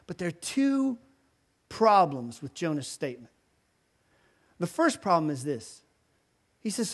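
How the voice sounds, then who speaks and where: A man preaching a sermon, retelling the story in a casual, animated way with filler words. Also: high-pitched, a little slow, long pauses. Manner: animated storytelling, voicing characters in quotes. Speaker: pastor.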